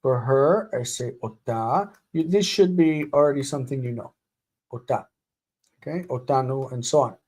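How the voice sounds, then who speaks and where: A man teaching a live-streamed grammar lesson, speaking deliberately and repeating words for students to drill. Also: medium pitch, a little mellow. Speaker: Hebrew teacher.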